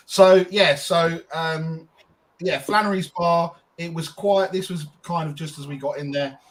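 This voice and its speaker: On a roughly recorded podcast, a male co-host tells a long, casual story full of ums and restarts. His voice is a little high and a bit bright, with steady tone and an unhurried pace.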